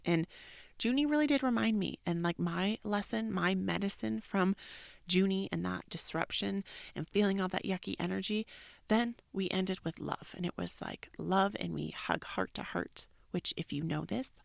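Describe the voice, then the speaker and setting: A woman in her thirties or forties hosting a podcast, talking candidly in a casual, reflective way and dropping into soft whispered asides. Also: medium pitch, moderate pace, creaky, no room sound, clean studio sound. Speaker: podcast host, yoga teacher.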